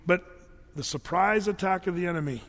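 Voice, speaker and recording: High-voiced preacher in an echoey hall. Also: male voice, fairly quick. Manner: lively, conversational, dramatic storytelling. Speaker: pastor. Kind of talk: sermon.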